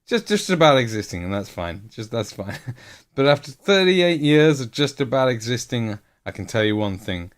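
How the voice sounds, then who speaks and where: A man's voice: mid-range voice, very animated, moderate pace. A man in his late thirties chatting casually on a live stream while painting miniatures, rambling and joking and laughing at himself. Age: 30s.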